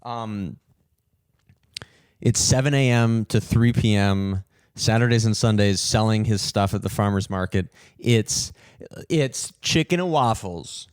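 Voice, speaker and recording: A young man hosting a podcast, telling a story in an animated, swearing rant and mimicking people in higher voices. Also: unhurried, clear, resonant tone, no room sound, clean studio sound. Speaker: podcast host, comedian.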